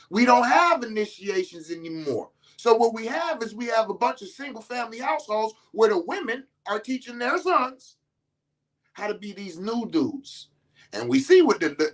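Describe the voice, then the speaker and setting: A middle-aged man hosting a podcast, giving a profane, preachy monologue to male listeners and jumping between calm talk and shouting. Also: sits high. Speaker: podcast host.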